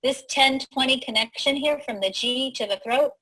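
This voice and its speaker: A woman hosting a live talk, teaching in an animated way, laughing easily and often asking "right?". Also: high-pitched, moderate pace, a little hiss or hum, poor audio. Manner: laughs easily mid-sentence. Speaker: host.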